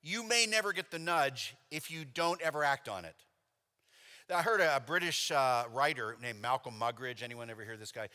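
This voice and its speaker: A man preaching at a church convention, telling lively stories and acting out the dialogue with casual fillers. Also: mid-range voice, moderate pace. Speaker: convention speaker. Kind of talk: sermon with storytelling. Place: church sanctuary. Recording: long hall reverb in a church.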